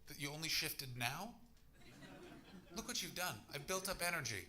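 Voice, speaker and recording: A Canadian man in his thirties works the crowd from a comedy club stage, swearing freely and bursting into shouts. His voice sits a little high for a man. Clear crowd noise fills the room around him. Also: expressive, moderate pace. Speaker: stand-up comedian. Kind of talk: stand-up crowd work.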